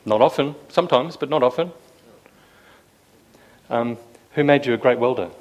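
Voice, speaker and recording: The audio is dull as a medium-pitched man preaches a sermon at normal speed to a room with a live audience. He talks conversationally, asks the listeners questions, and acts out quoted lines in a raised voice.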